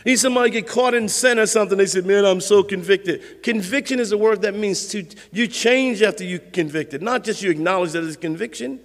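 A man preaching a sermon as pastor, conversational and lively, acting out little scenes for his listeners. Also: high voice, a little fast, hardly any pauses, big-room sound.

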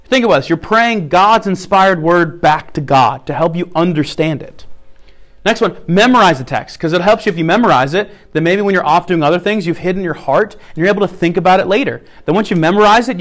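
A man with a high voice preaches a sermon to his church. He teaches in a practical way and often repeats his key phrases. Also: a bit bright. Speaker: pastor.

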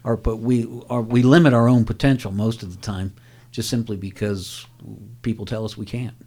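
A man's voice: fairly low pitch, steady tone, normal speed, dark tone. A man hosting a podcast, reflecting on his guest's point and asking him questions. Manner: reflective, affirming listener. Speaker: podcast host. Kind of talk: interview conversation.

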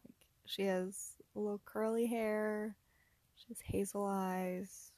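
A young woman hosting a casual solo podcast, rambling softly, laughing often and sometimes dropping to a whisper. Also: mid-range voice, little pitch movement, takes it slowly, no room sound. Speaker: podcast host.

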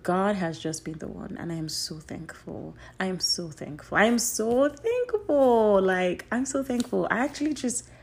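A young woman hosts her own solo podcast in a somewhat low-pitched voice. She gushes at her listeners, repeating phrases for emphasis. Excited bursts give way to soft, trailing asides. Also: normal speed, vocal fry, few pauses, breathy edge. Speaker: podcast host.

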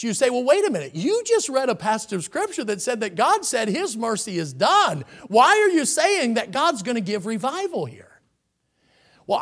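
A man's voice: extremely high pitch, fairly bright tone. Male preacher in a church, voice swooping up and down a lot, reads scripture then pushes hard on the big lines. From United States. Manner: preaching with rising emphasis, reading scripture aloud. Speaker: pastor. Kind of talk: sermon. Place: church sanctuary.

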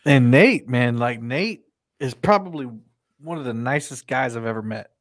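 A man's voice: medium pitch, expressive, moderate pace, dry recording. Male podcast co-host, dry recording, keen conversational delivery. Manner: affirming, then enthusiastic rhetorical questions. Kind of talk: casual chat.

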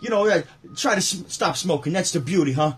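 A nervous, wisecracking older comedian fires off one-liners, setup then punch, as a man impersonates him. The voice sits fairly high with a husky edge. It's a stand-up routine impression delivered at a brisk, jokey clip. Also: lively intonation, heavily acted.

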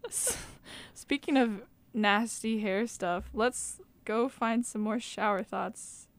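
A woman's voice: on the high side, slow pace, no echo. Young woman rambling with giggles. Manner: giggly, rambling, searches for words. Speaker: co-host. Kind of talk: casual podcast chat. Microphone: studio microphone with pop filter.

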